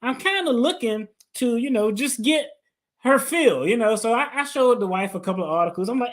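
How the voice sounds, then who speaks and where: A man's voice: extremely high pitch, animated, a little fast, a bit bright. A man hosting a finance video, telling a story in a casual, playful way and acting out his own quotes. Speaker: attorney and finance video host.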